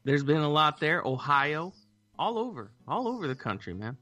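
A man's voice: fairly high pitch, sing-song, normal speed, pushed and bright, no room sound, faint music behind. An American man, a guest, chatting casually in an easygoing, drawling way. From United States. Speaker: guest, Sasquatch hunter. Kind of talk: casual chat.

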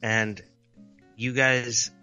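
A man's voice: medium pitch, flat delivery, extremely slow, pushed and bright, smooth, soft background music. Earnest podcast co-host man. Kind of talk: casual chat.

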